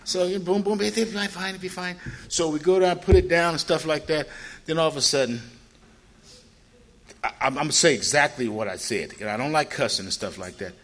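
This older man from Ohio talks briskly through his own story, wandering loosely and dropping frequent "you know"s. Whenever he quotes someone, he acts it out with lively energy, his voice leaping up high.

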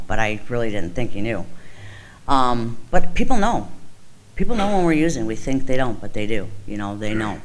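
A woman's voice: a bass voice, low-quality recording. A woman telling her own recovery story in a frank, conversational way, with lots of "you know" and "like". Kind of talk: candid personal testimony.

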